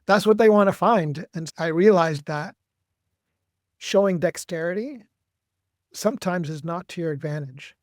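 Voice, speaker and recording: A man, an actor and director, telling stories in a measured, reflective way as a podcast guest. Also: sits high, no room sound, studio quality. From United States. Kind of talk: podcast interview.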